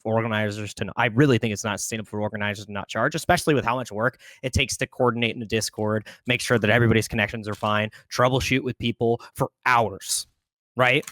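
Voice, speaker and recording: A man's voice: lowish voice, fairly even intonation, fast, a bit bright, no echo. Emphatic man on a dry close mic. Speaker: guest on a community stream. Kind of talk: casual panel discussion.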